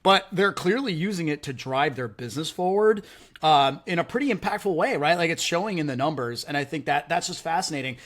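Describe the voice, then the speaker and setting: A man's voice: on the high side, a little fast. A man hosting a podcast, talking casually and energetically, filling his speech with "like" and "right?". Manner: animated, heavy use of "like" and "right?". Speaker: podcast host.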